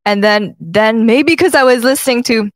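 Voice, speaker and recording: A young woman co-host with an American-leaning non-native accent, chatting in a lively, playful way. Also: on the high side, moderate pace, no echo, clean studio sound. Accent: American-leaning non-native English. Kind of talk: casual chat.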